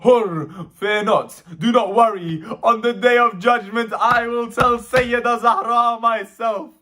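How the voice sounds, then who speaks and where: A man's voice: extremely high pitch, fairly even intonation, slow, pushed and bright, pitched above the performer's own voice, full character voice. A man voicing a grieving noblewoman who tenderly reassures a repentant warrior, inside a mourning recitation. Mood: consoling.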